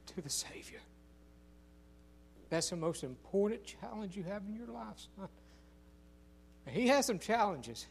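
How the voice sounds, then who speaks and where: An older man preaches in a slow, unhurried sermon, leaning into folksy storytelling. His voice sits somewhat high for a man, and he stretches key phrases out for emphasis. A faint hum runs underneath.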